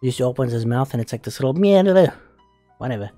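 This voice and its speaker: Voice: mid-range voice, expressive, brisk, dark tone, no room sound, soft background music, lightly acted. Angel Dust, a performer doing a crude spider demon. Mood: amused. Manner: crude, swearing, giggly, doting. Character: crude flamboyant male spider demon, brash. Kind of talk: comedic fan character voice reaction.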